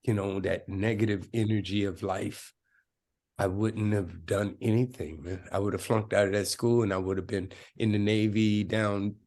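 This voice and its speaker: An older man of about seventy tells his story as an interview guest. His voice has a gravelly rasp, and he speaks emphatically and streetwise, often tossing in "right?" to the listener. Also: fairly low pitch, darkish tone. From South Side of Chicago. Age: around 70. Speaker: guest, film director.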